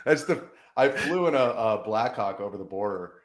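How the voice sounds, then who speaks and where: A man's voice: lowish voice, expressive, moderate pace. A man in his thirties, a guest journalist, telling stories in a casual podcast conversation and mimicking other people's voices as he goes. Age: 30s.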